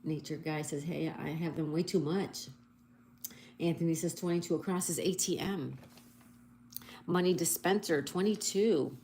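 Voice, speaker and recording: A woman with a low, dark, steady voice hosts a casual livestream at a moderate pace, cheerfully greeting viewers and reading their comments aloud while working through a crossword. The room is echoey, with faint background noise.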